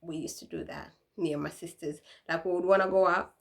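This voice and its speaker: A woman's voice: on the low side, fairly even intonation, brisk. Chatty young woman vlogging. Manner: chatty, laughing, acts out quotes of her mom. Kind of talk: casual chat to camera.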